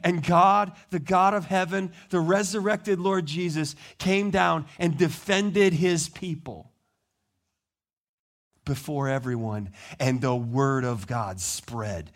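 A man preaching to his church in an animated, storytelling way, slipping into the voices of the people he describes. His voice sits somewhat high, and his delivery moves from hushed to loud. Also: takes it slowly. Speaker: pastor. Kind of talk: sermon.

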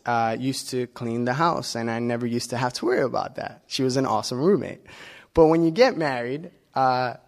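A man delivering a conversational sermon as a preacher, relaxed and personal, pausing often with fillers and restarting his sentences. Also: mid-range voice, creaky. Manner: relaxed and personal, with many filler pauses and self-corrections.

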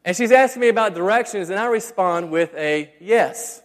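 A man's voice: very high-pitched, animated, brisk, few pauses. A man in his thirties preaching a sermon to a congregation, telling stories in a chatty, self-deprecating way full of fillers. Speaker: pastor. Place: church hall before a congregation. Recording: long reverb of a church hall.

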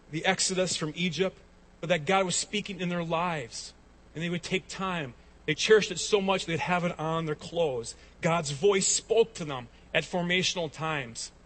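A pastor in his 40s preaches a sermon in a fairly bright voice that sits a little high for a man. He tells stories with many restarts before climbing to emphatic peaks.

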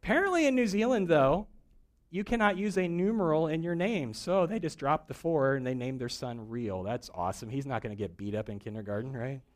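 A man's voice: medium pitch, fairly quick. A man preaching a sermon in a conversational, joking way, a pastor who acts out little voices to make his points. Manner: conversational and humorous, acting out voices for jokes.

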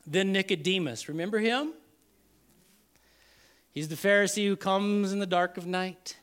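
A man preaching as pastor, his voice pitched high for a man. He tells a Bible story with energy and acts out the people in it. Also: a little slow, long pauses, smooth. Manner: animated, acts out quoted voices. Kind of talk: sermon.

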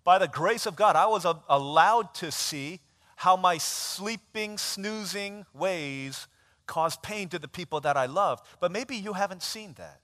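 A man preaching as a pastor, an animated, self-mocking storyteller, in a church sanctuary. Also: high voice, measured pace. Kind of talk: sermon storytelling. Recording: long church reverb.

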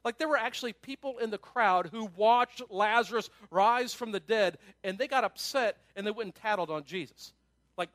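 High-voiced man preaching conversationally. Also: a little fast, no room sound. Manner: conversational, animated preaching with asides and laughs. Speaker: pastor. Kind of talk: sermon.

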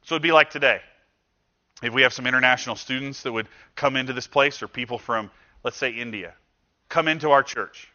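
A man delivers a sermon in a relaxed, conversational way, slipping into quoted voices to make his points. His voice is bright and forward. The recording sounds a bit dull and lo-fi. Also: medium pitch, fairly quick. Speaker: pastor.

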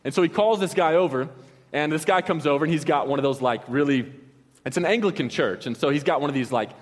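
Man, young adult, pastor telling a casual story, quick delivery, long reverb. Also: on the high side. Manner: casual, rambling, with slangy asides and many restarts. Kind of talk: storytelling sermon.

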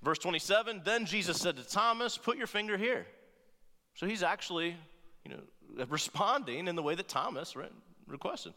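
Pastor guy preaching, bright punchy voice, chatty with lots of "right?", long hall reverb. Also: high-pitched, lively intonation, normal speed. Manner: conversational, with frequent "right?" asides and playful asides. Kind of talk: sermon.

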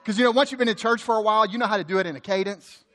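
High bright-voiced man preaching. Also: very fast, long reverb tail. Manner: lively preaching with joking asides and frequent word repeats. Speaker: pastor. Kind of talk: sermon. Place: church sanctuary.

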